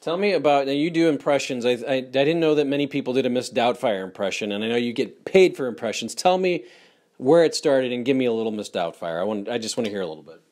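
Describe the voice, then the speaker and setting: A man's voice: mid-range voice, expressive, fast talker, darkish tone. Stammering male interview host. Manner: hesitant, stammering, friendly. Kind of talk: casual interview chat.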